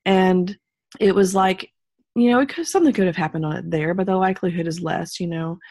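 A woman from Texas with a lowish, gravelly voice tells a personal story in casual conversation. She rambles with frequent ums and restarts and speaks sincerely about her faith. The recording is close and dry. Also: a little fast, a little mellow, no room sound. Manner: rambling, many ums and restarts, laughs between thoughts. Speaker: guest telling her story.

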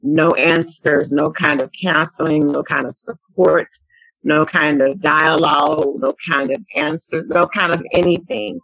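A woman from Dallas, Texas, giving personal testimony as a podcast guest, speaking earnestly in a halting way with repeated phrases. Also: deep voice, steady tone, vocal fry, a bit bright, dry recording, highs cut off. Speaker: podcast guest, survivor advocate.

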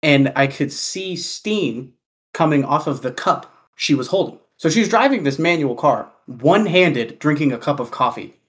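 A man from Kansas telling a story in casual chat, animated and profane, with lots of "like" fillers. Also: a little high, moderate pace.

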